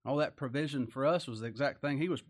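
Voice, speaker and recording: A man preaches a Bible study sermon in homey, folksy language. He reads the verses aloud with raised emphasis, then drops to soft, confiding asides. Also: mid-range voice, fast.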